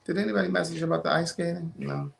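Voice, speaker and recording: A man's voice: on the high side, fast, gravelly. A man from Maryland hosting a live stream in casual chat, reading out viewers' names and thanking them. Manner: chatty, reads viewer names aloud.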